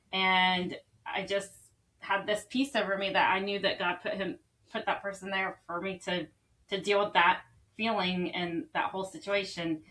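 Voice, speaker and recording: A woman's voice: fairly low pitch, sharp tone, low-quality recording. A woman co-hosting a faith talk show, sharing a personal testimony in an earnest, rambling way. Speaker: co-host. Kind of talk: casual faith conversation.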